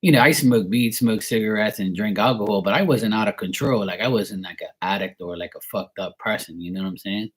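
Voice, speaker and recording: A man's voice: lowish voice, fairly quick, hardly any pauses, husky. A man in his forties from Bermuda, telling a personal story in a rambling, blunt, heavily profane way with many fillers. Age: 40s. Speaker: tarot reader streaming live.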